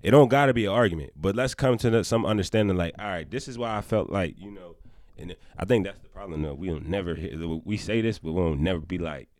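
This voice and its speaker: A man's voice: sits low, quick pace, darkish tone, no room sound, studio quality. A young man co-hosting a podcast, chatting casually and animatedly, laughing often and swearing freely. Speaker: podcast co-host.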